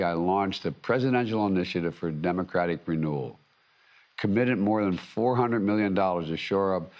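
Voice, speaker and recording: An older man delivering a formal prepared speech as a head of state, measured, with frequent restarts and repeated words. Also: lowish voice. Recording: dull lo-fi livestream audio.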